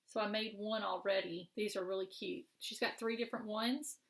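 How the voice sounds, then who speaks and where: A woman's voice: mid-range voice, steady tone, moderate pace, vocal fry. A middle-aged woman chatting casually as a craft vlogger, showing off her purchases in a rambling, friendly way with many fillers and restarts. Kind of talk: casual show-and-tell chat.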